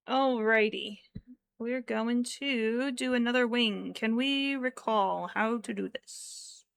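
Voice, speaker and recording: Slow-talking woman with a gravelly voice. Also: a little high, fairly bright tone, a little hiss or hum, rough recording. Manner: slow and chatty, cooing baby talk at her pet. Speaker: crochet streamer. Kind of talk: casual livestream chat.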